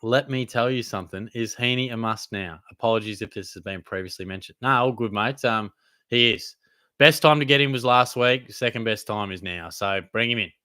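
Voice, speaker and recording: A young Australian man hosting a casual live stream Q&A, answering viewers' fantasy football questions in a relaxed, blokey way and calling them mate. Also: medium pitch, a little fast, no echo. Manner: laid-back, blokey, calls viewers mate.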